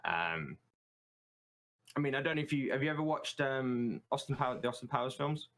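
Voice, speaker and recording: A man's voice: mid-range voice, a little fast, a bit bright. British man, guest on a stream, casual and hesitant, medium voice. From United Kingdom. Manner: hesitant, many ums and restarts. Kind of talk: casual chat.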